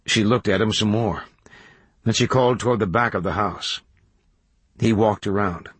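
A man reading a novel aloud as audiobook narrator, in measured, even storytelling. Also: on the low side, husky, dry recording. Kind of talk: scripted narration.

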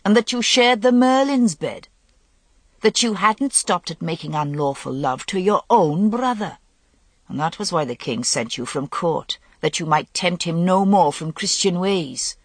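A woman's voice: on the low side, expressive, a little slow, dry recording. Woman doing a sneering, snarling young nobleman. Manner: snarling, contemptuous, slips into harsh whispers. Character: sneering lustful young man, a cruel stepson. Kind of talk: audiobook reading.

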